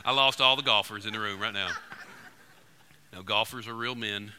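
A man preaching to a congregation, telling an animated, joking hunting story to the room. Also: lowish voice, moderate pace, background noise. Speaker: pastor. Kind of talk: storytelling sermon. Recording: long reverb in a large hall.

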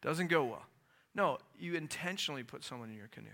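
A male pastor giving a sermon in an animated way, asking the audience questions and acting out stories. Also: fairly high pitch, brisk, creaky.

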